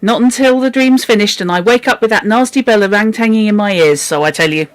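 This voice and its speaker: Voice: mid-range voice, fast talker, pitched above the performer's own voice, lightly acted. A book club reader voicing a firm, self-assured woman cook who is sure she will make a fine queen. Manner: firm, undoubting.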